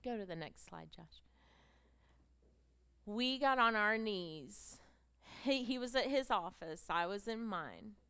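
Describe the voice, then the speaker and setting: A middle-aged woman speaks on stage, giving a heartfelt personal testimony to a women's gathering. Her voice is bright and crisp, and she brings the story to life with emotional delivery and acted-out dialogue. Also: mid-range voice, lively intonation, slow, long pauses. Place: stage presentation with slides.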